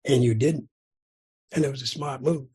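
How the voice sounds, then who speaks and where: A middle-aged man from California sharing his recovery story at a meeting, telling it dramatically with sudden loud bursts and rhythmic repetition. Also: medium pitch, moderate pace, husky. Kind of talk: personal recovery testimony.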